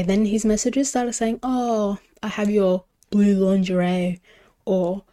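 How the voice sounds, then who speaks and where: A young woman telling a storytime on her podcast. Her voice sits at a middle pitch with a soft, mellow tone, and she talks in a loose, chatty way, filling her sentences with "like" and sometimes dropping to a whisper. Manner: chatty, heavy use of "like", drops into whispers. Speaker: podcast host. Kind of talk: casual storytime.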